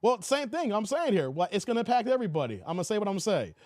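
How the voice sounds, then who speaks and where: A man hosting a live stream, commenting casually and talking back to his chat, animated and laughing often. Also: high voice, fast, no room sound, clean studio sound.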